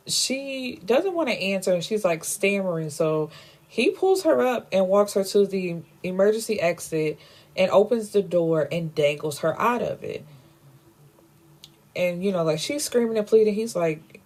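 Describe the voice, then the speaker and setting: A woman's voice: mid-range voice, animated, unhurried, a little mellow. A woman giving a casual, chatty book recap, full of fillers and blunt opinions. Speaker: book reviewer.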